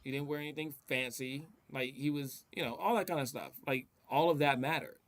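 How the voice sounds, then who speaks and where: A man's voice: on the high side, fairly quick. A man in a casual faith discussion, speaking emphatically and often repeating himself as he agrees with the others. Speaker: discussion panelist.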